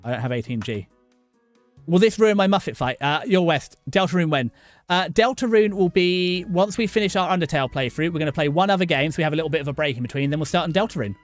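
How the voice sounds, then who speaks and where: A man's voice: a little high, animated, no echo, faint music behind. Chatty man streaming. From southern England. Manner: chatty, talks to chat by name, halting restarts. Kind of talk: casual live-stream chat over gameplay.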